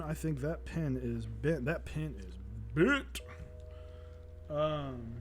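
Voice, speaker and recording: A man chats casually while he hosts a live stream, his voice sitting at an ordinary middle pitch. He rambles through stories with restarts and stops to greet the people in the chat. Faint music plays softly behind him. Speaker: keyboard-building streamer.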